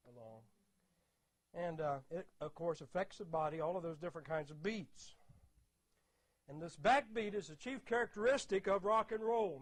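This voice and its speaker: Man counting beats in a lecture. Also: a little high. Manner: explanatory, counting beats aloud, emphatic. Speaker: lecturer on music. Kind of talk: spoken lecture with audio clips.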